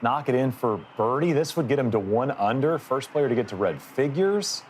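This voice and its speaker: A man's voice: medium pitch, lively intonation, moderate pace, slight background noise. Upbeat male golf play-by-play caller. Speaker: lead golf commentator. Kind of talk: play-by-play commentary.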